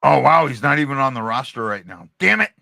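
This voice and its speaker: A man's voice: medium pitch, lively intonation, a little fast, creaky, sharp tone, no room sound, studio quality. A man hosting a casual hockey livestream, chatting to his viewers and repeating himself as he talks. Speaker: hockey podcast host.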